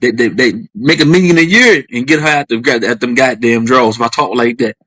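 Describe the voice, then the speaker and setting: A man's voice: medium pitch, a little fast, pushed and bright, no echo, poor audio. A man with a Southern US accent hosting a livestream chat, boisterous, profane and joking. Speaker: livestream host.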